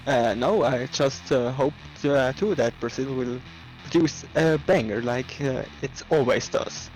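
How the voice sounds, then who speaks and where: Slow, halting co-commentator man. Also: medium pitch, a little mellow, faint music behind, low-quality recording. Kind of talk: casual live-stream commentary.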